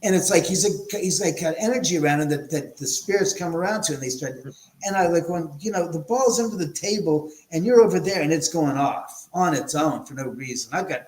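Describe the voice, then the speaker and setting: A man's voice: a little high, brisk, roomy sound, poor audio. A man from Los Angeles, a guest, telling stories casually and animatedly, with lots of swearing. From Los Angeles, USA. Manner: animated, swears freely, acts out quotes. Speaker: guest, paranormal house owner. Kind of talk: casual storytelling.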